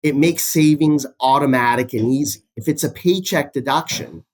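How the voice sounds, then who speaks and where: Male academic guest, mid-pitched voice, measured and data-driven delivery. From Canada. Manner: steady, fact-heavy, cites statistics, repeats key phrases. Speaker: guest, business professor. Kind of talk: podcast interview explanation.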